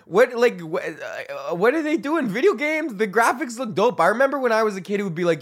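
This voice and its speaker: A man's voice: high-pitched, sing-song, a little fast, few pauses. A man, a comedian ranting alone on his podcast, swearing and rambling while he laughs at his own jokes. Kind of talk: ranting solo podcast monologue.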